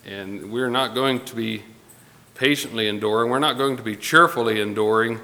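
A man preaching a Sunday morning sermon to his congregation, unhurried and pausing often with fillers. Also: mid-range voice, bright, forceful tone. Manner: unhurried, pausing with fillers, reading scripture aloud. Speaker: pastor. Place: church sanctuary. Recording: long hall reverb with faint ambience.

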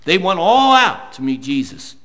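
A man preaching a sermon, reading scripture slowly and building to loud, emphatic points. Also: high-pitched, big pitch swings. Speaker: pastor.

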